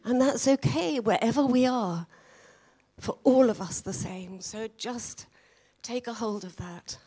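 A woman leading a church meeting, gently encouraging the people to share their testimonies. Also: on the high side, a little slow, slightly rough. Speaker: meeting leader. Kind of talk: church exhortation.

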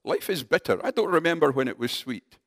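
A man's voice: expressive, a little fast, in a large hall. A preacher voicing an older grieving woman who bursts out in bitter anger. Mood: bitter outburst. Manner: exploding, raised high voice.

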